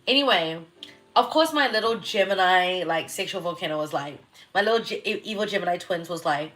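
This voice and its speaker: A woman's voice: lowish voice, lively intonation, fairly quick, fairly bright tone. Young Kiwi-woman, astrology streamer; loose, giggly, sweary, answers chat as she goes. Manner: chatty, giggly, swears, reacts to viewer comments. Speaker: astrologer hosting a live reading. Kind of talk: casual livestream chat.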